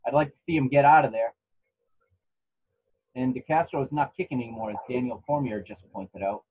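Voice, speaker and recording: A man co-hosting a podcast, giving relaxed play-by-play of a fight with restarts and chuckles. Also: mid-range voice, brisk, phone-quality sound. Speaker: podcast co-host commentating a fight. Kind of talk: casual live fight commentary. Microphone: home microphone.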